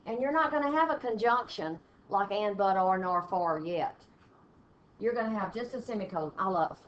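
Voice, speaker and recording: A woman English teacher, walking a class through test punctuation questions step by step and reading example sentences aloud with pauses. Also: mid-range voice. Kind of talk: classroom test-prep lesson. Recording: dull lo-fi classroom recording with faint noise.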